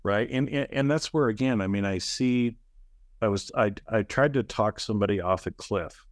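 In a clean, dry studio recording, a man interviewed as a podcast guest talks bluntly and emphatically with casual profanity, frequently tacking on "right?" and performing other people's lines in raised voices. He runs an audit training company, and the interview is conversational. His voice is on the low side, at normal speed.

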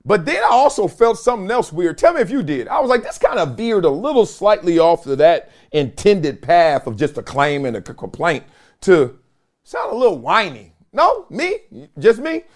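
A middle-aged man delivers casual sports commentary on his own show, full of slang and quick laughs as he talks straight to his audience. His voice sits a little high and swings widely up and down as he riffs. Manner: animated, slangy, laughs often, talks to viewers.

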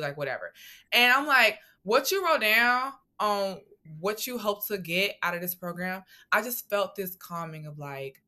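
A woman hosting a podcast, chatting in an expressive way and laughing often. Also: medium pitch, unhurried. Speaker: podcast host. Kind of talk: casual conversation.

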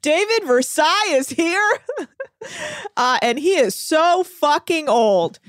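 A woman's voice: high voice, slow pace, no room sound, studio quality. A woman hosting a podcast, telling stories in casual chat, swearing freely and acting out quotes. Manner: animated storytelling, swears freely, acts out quotes. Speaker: podcast host recapping a reality show.

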